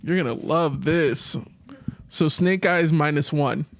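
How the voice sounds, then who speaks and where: A man's voice: a little high, slow pace, gravelly, no room sound. Brash commanding man, dry sound. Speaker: tabletop game player.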